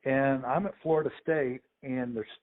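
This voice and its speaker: Middle-aged guy telling ref stories on a podcast, acts out voices, average pitch, sounds like he's on the phone. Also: normal speed. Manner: lively anecdotes, acts out the voices of others. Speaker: sports official, podcast guest. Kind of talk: conversational storytelling interview. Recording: tinny phone line.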